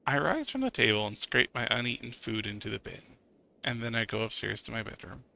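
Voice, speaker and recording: Man, bright gravelly voice, casual swearing streamer, reads game text aloud. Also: mid-range voice, lively intonation, a little fast. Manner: swears and laughs while reacting. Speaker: streamer playing a narrative game.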